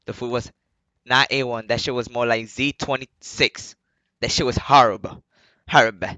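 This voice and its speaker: A man's voice: mid-range voice, steady tone, moderate pace, pushed and bright, dry recording. A young man telling a story casually and profanely on a live stream, laughing as he goes. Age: young adult.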